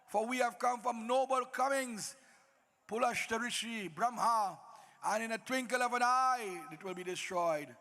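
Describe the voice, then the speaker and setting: A man's voice: extremely high pitch, unhurried, bright, forceful tone. A man narrating a devotional epic to devotees, dramatic with folksy asides. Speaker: Ramleela narrator. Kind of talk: devotional storytelling to an audience.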